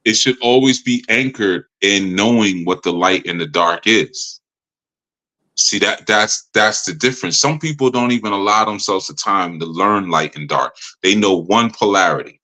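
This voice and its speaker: Low, bright-voiced man teaching. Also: low-quality recording. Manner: acts out other people's voices in quick quoted asides. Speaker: spiritual teacher leading a live study session. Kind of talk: live teaching with a call-in participant.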